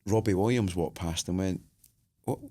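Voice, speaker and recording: Fast-talking low-voiced man. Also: darkish tone, no echo. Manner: swears freely, acts out everyone he quotes. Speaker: podcast co-host. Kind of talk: casual anecdote telling.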